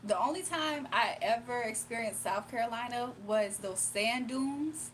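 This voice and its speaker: Woman streamer with a Southern accent, higher voice, chatty and giggly, faint hiss in the mix. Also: a little slow, fairly bright tone, rough recording. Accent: Southern US, Virginia with Atlanta influence. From Virginia, USA. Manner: chatty, laughs often, reads chat aloud and answers. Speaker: livestreamer. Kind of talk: casual late-night live chat.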